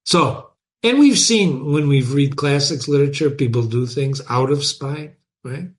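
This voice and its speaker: A man hosting a book lesson, explaining in an animated way and asking his listeners many rhetorical questions. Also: medium pitch, measured pace. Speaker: literature teacher and host.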